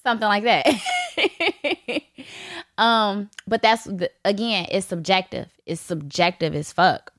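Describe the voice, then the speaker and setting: A young woman hosting her own podcast, talking candidly and bluntly with lots of swearing and laughter, her voice jumping from loud bursts to low asides. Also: sing-song, takes it slowly, no echo, studio quality. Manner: blunt, profane, laughing often. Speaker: podcast host. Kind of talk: candid solo podcast talk.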